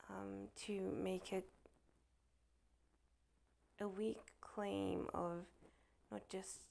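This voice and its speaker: A woman telling a rambling personal story, halting and full of fillers, often dropping to a soft whisper. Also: medium pitch, vocal fry.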